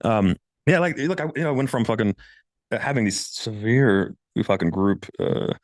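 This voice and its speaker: A man's voice: normal speed, dry recording. A man in his thirties giving blunt, profane dating advice in a casual coaching monologue. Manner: blunt, profane, animated, swings pitch for quoted voices.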